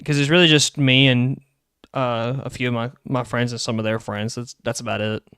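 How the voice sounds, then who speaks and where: A young man streaming live, chatting excitably and rambling about game lore. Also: medium pitch, clear, resonant tone, dry recording, clean studio sound. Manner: excitable, rambling, quick bursts of laughter.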